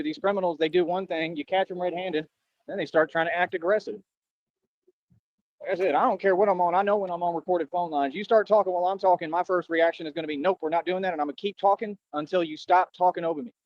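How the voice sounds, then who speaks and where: A man's voice: high-pitched, steady tone, fast, no room sound, lo-fi sound. A man rambling on at length, boastful and earnest, repeating himself often, with a way of talking. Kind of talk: rambling street monologue.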